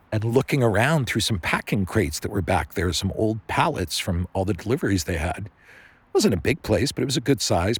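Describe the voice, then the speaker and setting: A man's voice: lowish voice, breathy edge, no echo. A man casually improvising a bedtime story, rambling with many fillers.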